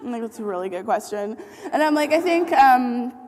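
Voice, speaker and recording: A woman in her thirties giving a talk, telling a story in an animated way, acting out quotes and laughing often. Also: on the high side, moderate pace, slight background noise. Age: 30s. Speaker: speaker. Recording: hall reverb.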